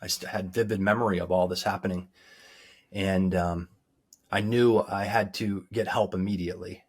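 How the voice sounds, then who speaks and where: A man with a lowish voice speaks as an interview guest. He recounts his story earnestly and reflectively, hesitating often with ums as he searches for words. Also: steady tone. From United States. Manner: halting, many ums, sincere and reflective. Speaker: guest recounting a near-death experience. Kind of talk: earnest personal testimony.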